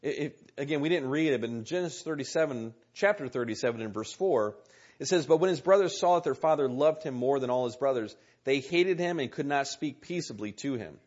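Man preaching a sermon, earnest, husky voice, muffled lo-fi recording. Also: medium pitch, animated, fairly quick, a little mellow. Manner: earnest, repeats key words, reads scripture aloud.

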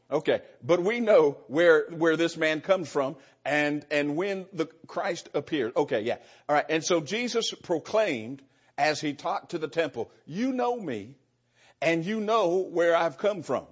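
Chuckling male preacher, husky and lo-fi. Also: on the high side. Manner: conversational, chuckles often, restarts phrases. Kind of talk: sermon, verse-by-verse Bible teaching. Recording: dull lo-fi sound.

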